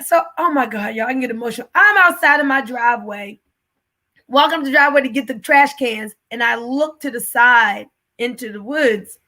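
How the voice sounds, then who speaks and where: A woman host telling a personal testimony in casual talk, animated and emotional, her voice rising when she is moved. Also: a little high, normal speed. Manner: animated, gets emotional, raises her voice at the peak of the story.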